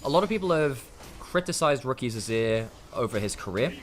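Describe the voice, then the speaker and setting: An English man commentating a live esports match, breaking down plays with quick analysis and dry humour. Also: medium pitch, expressive. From England.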